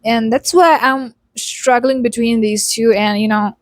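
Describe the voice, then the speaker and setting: A woman's voice: a little high, steady tone, measured pace, no echo, studio quality. A young woman from India with an Indian English accent leaning American, chatting casually in an accent tutorial with tag questions and fillers. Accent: Indian English shaped toward American. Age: young adult. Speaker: YouTuber teaching accent.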